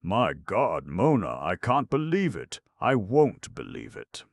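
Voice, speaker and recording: A man voicing a distinguished gentleman near forty whose usually smooth voice breaks with strain. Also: fairly low pitch, wildly swooping pitch, takes it slowly, no echo, studio quality, pitched above the performer's own voice, heavily acted. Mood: shocked. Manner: broken, strained voice.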